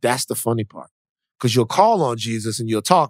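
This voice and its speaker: A man's voice: medium pitch, big pitch swings, quick pace, no echo, clean studio sound. Emphatic man co-hosting a podcast. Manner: emphatic, preacher-like building cadence. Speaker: podcast co-host. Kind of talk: casual podcast chat.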